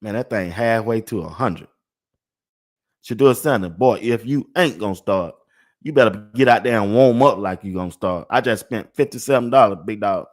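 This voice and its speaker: A man's voice: on the low side, normal speed. An older man hosting a casual sports talk livestream. He laughs often and repeats phrases over and over. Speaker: sports talk show host.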